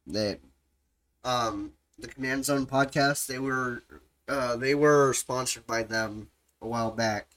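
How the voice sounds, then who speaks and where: A man's voice: medium pitch, fairly even intonation, takes it slowly, a bit bright, low-quality recording. A man hosting a podcast in casual chat, giggly and easily sidetracked. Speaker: podcast host.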